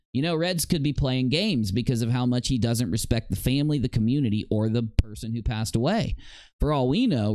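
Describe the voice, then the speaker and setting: A male commentary host who talks with sarcasm and indignation. His pitch rises and falls in wide, animated swings. The recording is dry and close, with no room echo. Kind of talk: drama commentary.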